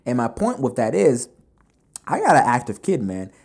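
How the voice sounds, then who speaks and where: Mellow-voiced man telling business stories. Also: mid-range voice, normal speed, gravelly, slightly rough. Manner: animated storyteller, conversational with many fillers. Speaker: business podcast host. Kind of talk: casual motivational talk.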